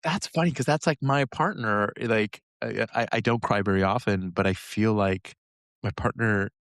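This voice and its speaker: A man's voice: on the low side, normal speed, a bit bright, no echo, clean studio sound. A man who is a guest on a podcast, talking casually in a rambling way, laughing often. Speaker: guest, habit coach. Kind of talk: casual conversation.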